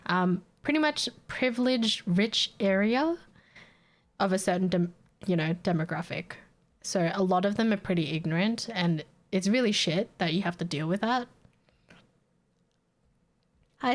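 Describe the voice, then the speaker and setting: Blunt, sweary Australian woman streamer. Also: medium pitch. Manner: blunt, sweary, laughs often. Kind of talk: casual chat with viewers.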